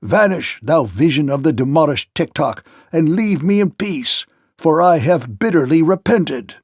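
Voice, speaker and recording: A man voicing a pompous, easily frightened fat gnome king in a storybook read-aloud, crying out in high, shaken tones. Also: expressive, measured pace, a little mellow, slightly rough, no room sound, studio quality. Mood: terrified.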